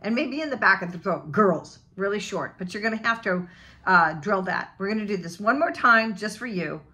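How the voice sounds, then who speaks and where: A woman from the western United States with a General American accent, teaching a pronunciation lesson and drilling sounds slowly and deliberately. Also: mid-range voice, lively intonation, pushed and bright. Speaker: accent coach.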